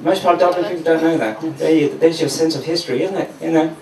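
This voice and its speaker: Profane stand-up comic from Mauritius. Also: male voice, a little high, fast talker, a little mellow. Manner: sardonic, profane. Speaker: stand-up comedian. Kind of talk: stand-up routine. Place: comedy venue. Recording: echoey room from a distance.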